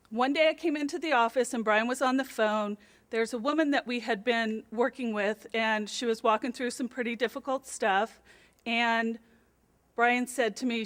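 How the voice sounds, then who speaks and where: A middle-aged woman, an office administrator, recounts an awkward episode to her coworkers in a casual recorded message. Her voice sits high, and she talks in a chatty, animated, self-deprecating way. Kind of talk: casual storytelling to camera.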